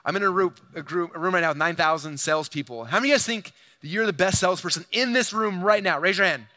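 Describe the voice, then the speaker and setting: Fast-talking bright-voiced man on stage. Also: high-pitched. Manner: fast, animated and boastful, talking straight to the crowd. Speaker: speaker at a business seminar. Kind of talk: energetic stage presentation.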